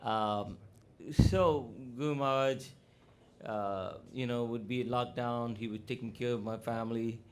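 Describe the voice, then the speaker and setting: A man's voice: medium pitch, fairly even intonation, a little slow. A man casually telling personal stories as a disciple at a memorial gathering, chatty with many fillers. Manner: chatty, many fillers, acts out quoted dialogue. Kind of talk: casual storytelling talk. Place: cow sanctuary gathering in Florida.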